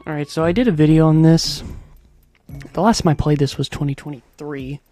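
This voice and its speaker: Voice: medium pitch, brisk, dark tone, no echo, faint music behind. A gamer giving rambling, chatty commentary over a playthrough and humming little tunes. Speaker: gameplay commentator. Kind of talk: casual gameplay commentary.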